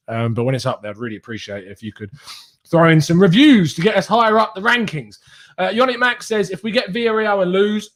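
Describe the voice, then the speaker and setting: A young man, hosting a casual fan live stream, reading viewer comments and laughing often. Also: on the high side. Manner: chatty, laughs often, reads comments aloud. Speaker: fan channel host reading live chat.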